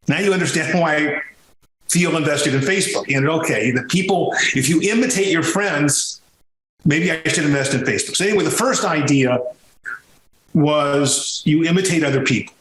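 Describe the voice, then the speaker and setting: A man being interviewed on a podcast, telling stories in a lively conversational way and jumping high in pitch when he makes a point. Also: normal speed, a little hiss or hum. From Sicilian heritage. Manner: animated storytelling, swings into high pitch when emphatic. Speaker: podcast guest, music historian. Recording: roomy echo.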